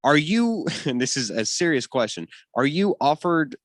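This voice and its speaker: A man's voice: fairly high pitch, big pitch swings, moderate pace, no room sound, studio quality. A man on a talk radio show posing a question to the hosts. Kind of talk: sports talk radio chat.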